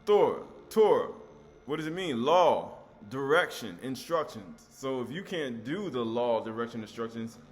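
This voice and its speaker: Male scripture teacher, mid-pitched, emphatic and repetitive, quiet music underneath. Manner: emphatic, repeats key words, asks rhetorical questions.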